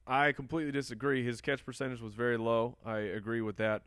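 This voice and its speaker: A man's voice: medium pitch, flat delivery, fast, hardly any pauses, fairly bright tone, smooth, dry recording, studio quality. A man hosting a live fantasy football stream, chatting casually and answering viewer questions while he drafts. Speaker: fantasy football podcast host.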